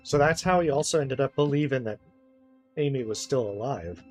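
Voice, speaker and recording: A man's voice: medium pitch, animated, moderate pace, darkish tone. A man streaming a game playthrough, reacting aloud as he plays, with game music behind him.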